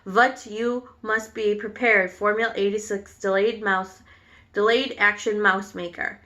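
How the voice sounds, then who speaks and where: A woman's voice: mid-range voice, fairly even intonation, a little slow, bright, forceful tone. A woman reading as a commanding witch queen. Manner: barking orders in short commands. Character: commanding, menacing female witch leader.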